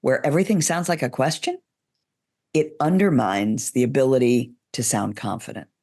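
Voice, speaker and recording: A public speaking coach gives measured, deliberate advice in an interview, demonstrating pitch shifts as she talks. Her voice is a little mellow.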